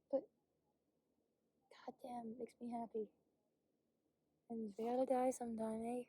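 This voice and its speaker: Young woman rambling on a hike, swears a lot, slips into whispers, soft husky voice. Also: fairly high pitch, flat delivery, measured pace, pauses often, no echo. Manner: rambling, candid, swears often; drops to a whisper at times. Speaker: vlogger. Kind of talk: casual vlog monologue. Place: outdoors on a hiking trail.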